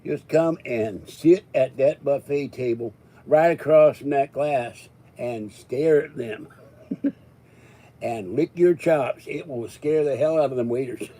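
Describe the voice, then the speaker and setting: A man's voice: mid-range voice, takes it slowly, dark tone. A man hosting a live stream, rambling and joking as he chats. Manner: joking, rambling, chuckling often.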